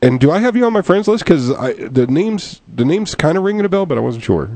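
A man's voice: fairly high pitch, big pitch swings, a little fast, darkish tone, no echo. Easygoing male call-in show host. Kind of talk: live call-in show chat.

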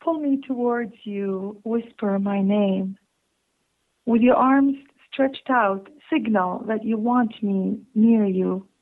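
A woman caller from Canada reading her own love poem slowly and tenderly over the phone. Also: mid-range voice. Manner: slow, tender recital with laughing asides. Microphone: telephone. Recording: tinny phone line.

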